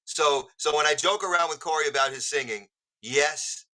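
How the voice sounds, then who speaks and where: A man's voice: fairly high pitch, normal speed, bright, forceful tone, low-quality recording. A man, a musician guest on a podcast, telling jokey stories in casual chat. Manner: joking storyteller.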